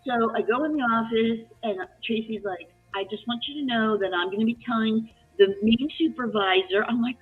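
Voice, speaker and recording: A woman retelling a work story in casual chat, animated and emotional, with many restarts. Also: fairly high pitch, fairly quick, few pauses, husky. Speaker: live chat guest. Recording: tinny phone-line audio with faint music.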